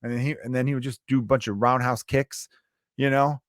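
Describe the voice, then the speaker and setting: A man's voice: medium pitch, fairly quick, dry recording, studio quality. A man hosting a comedy podcast, ranting with lots of swearing and mocking impressions. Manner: profane, animated, mocking impressions. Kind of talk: comedic rant.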